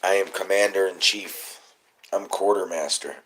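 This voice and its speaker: A man, hosting a live stream and ranting excitably about conspiracies, cursing often and calling to viewers as y'all. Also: deep voice, normal speed. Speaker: livestream host. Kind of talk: casual live-stream rant. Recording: noisy live-stream audio.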